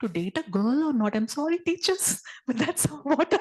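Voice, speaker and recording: A woman with an Indian English accent leading a group workshop, gently reassuring and repeating her encouragement. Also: high voice, sing-song, moderate pace, low-quality recording. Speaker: workshop facilitator.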